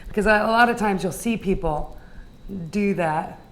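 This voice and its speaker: A woman's voice: medium pitch, moderate pace. A woman teaching artist who explains a technique patiently, one step at a time. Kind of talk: instructional explaining.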